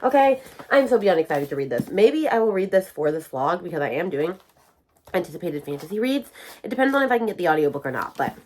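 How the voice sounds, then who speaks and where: A woman's voice: fairly low pitch, fast talker, a little hiss or hum. A woman, talking casually in a reading vlog, ranting about books and quoting characters. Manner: animated, ranting, quotes characters in voices. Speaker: book vlogger.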